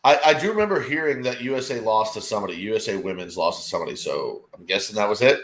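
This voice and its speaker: Animated man ranting about sports. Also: on the low side, fast talker. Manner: animated, profane, exclaims at the action. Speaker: guest on a sports watchalong stream. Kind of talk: casual sports chat.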